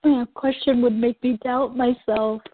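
A woman in a guided tapping session, softly and reflectively repeating phrases back. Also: a little high, steady tone, normal speed, husky, no room sound. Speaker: client in a therapy session. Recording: thin phone-like audio, dry.

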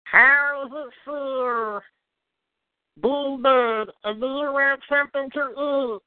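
A man doing a voice for a timid, childlike talking meatball, high and squeaky, slow and innocent, over a phone line. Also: steady tone, no room sound. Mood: curious. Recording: dry tinny phone line.

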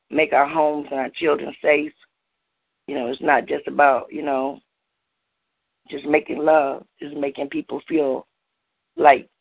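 A man's voice: mid-range voice, creaky, husky. A man performing a spoken word poem with a rhythmic, chanting delivery over a call line. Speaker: poet. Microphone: video call. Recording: muffled phone-like call line with faint noise.

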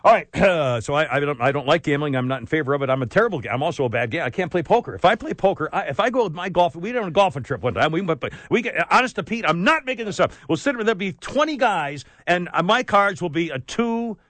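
Animated, rambling male talk radio host. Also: a little high, fast, hardly any pauses, no echo. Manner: rambling, animated, restarts and asides. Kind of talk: casual talk radio monologue. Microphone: studio microphone.

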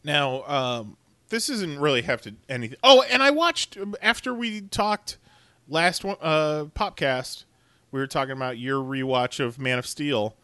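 A man's voice: a little high, animated, a little slow, bright, forceful tone, clean tone, no room sound. A man co-hosting a podcast in casual chat, ranting with plenty of swearing and frequent laughs. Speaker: podcast co-host.

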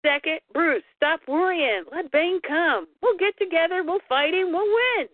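A woman reading out the lines of a brash, cocky young male fighter in a bright, sing-song way. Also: very high-pitched, expressive, measured pace, dry recording, pitched above the performer's own voice. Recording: tinny phone-like line.

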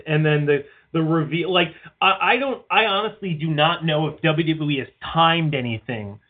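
With a fairly high pitch and normal speed, this podcast co-host drifts through casual conversation, cursing freely and relying on "like". The sound quality is tinny and phone-like.

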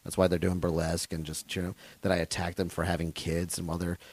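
A man's voice: sits low, flat delivery, fast, darkish tone. A man, a touring comedian, telling rambling, profane stage stories in a casual interview in a hotel room, full of fillers and restarts.

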